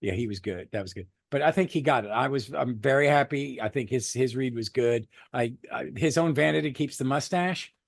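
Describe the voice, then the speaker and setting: A man co-hosting a podcast, chatting casually about a superhero movie, rambling and swearing freely with animated bursts. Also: medium pitch, fairly quick, vocal fry, few pauses, no room sound, clean studio sound. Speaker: podcast co-host. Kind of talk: casual movie review chat.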